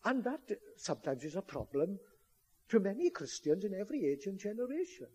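A man preaches a sermon in a fairly high voice with a husky edge. He speaks earnestly and pushes into emphatic appeals to his listeners. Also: sing-song, fairly quick, mellow.

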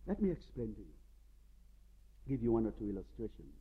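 A man's voice: on the low side, big pitch swings, fairly quick, husky, narrow, tinny audio. A man preaching a sermon, telling stories dramatically and with emphasis.

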